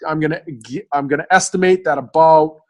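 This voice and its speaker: A man's voice: a little high, fairly even intonation, brisk. A man hosting a group mastermind video call, coaching the group in an earnest way and often checking in with "right?". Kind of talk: motivational coaching talk.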